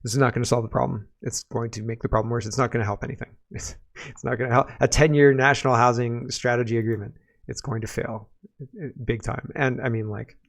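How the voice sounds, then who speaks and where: A man with a gravelly, fry-heavy voice runs a casual commentary show, sarcastic and ranting. He keeps breaking into laughter as he talks. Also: mid-range voice, steady tone, fast. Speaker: political commentary host.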